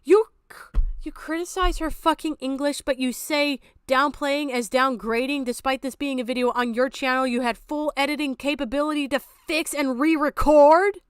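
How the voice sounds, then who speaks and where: A woman's voice: sits high, steady tone, moderate pace, no room sound. A woman streamer, not from America, giving blunt, profane and exasperated reaction commentary. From outside America.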